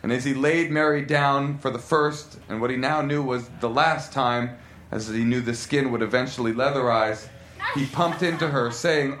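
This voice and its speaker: A man's voice: normal speed, a bit bright. A man doing a comic reading of explicit fiction at a live comedy club, voicing the characters' lines dramatically. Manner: reads dramatically, voices characters with raised pitch. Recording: echoey live club room, faint noise.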